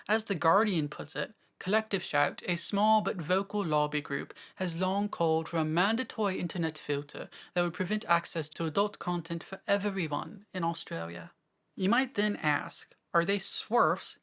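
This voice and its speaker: A man's voice: on the high side, normal speed, creaky, a bit bright. A man presenting a scripted commentary video essay, making wry, sarcastic asides between points.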